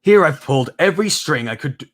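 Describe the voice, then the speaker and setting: A man's voice: fairly high pitch, animated, fast talker, a bit bright, voice pushed up. A man voicing an arrogant wealthy young man who speaks in a smug, condescending way. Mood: scolding.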